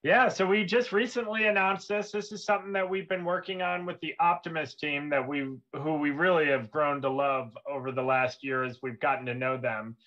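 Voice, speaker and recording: A man's voice: fairly high pitch, steady tone, fairly quick, hardly any pauses, sharp tone, muffled recording. A man co-hosting a livestream, speaking earnestly and steadily with many fillers. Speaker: host. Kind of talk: livestream presentation.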